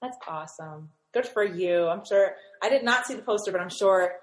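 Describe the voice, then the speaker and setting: A woman's voice: medium pitch, normal speed. A young woman moderating a casual panel, upbeat and encouraging toward her guests. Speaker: host, moderator. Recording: echoey room.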